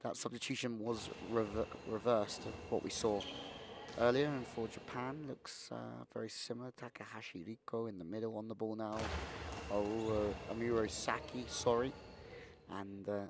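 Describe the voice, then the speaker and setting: A man's voice: fairly low pitch, steady tone, moderate pace, noisy background. A man doing chatty live sports commentary, calling the play and joking with his co-commentator.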